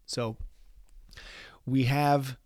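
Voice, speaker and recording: A man's voice: medium pitch, steady tone, very slow, darkish tone, dry recording, clean studio sound. A man hosting a solo podcast, talking earnestly to listeners and asking them many rhetorical questions. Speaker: podcast host.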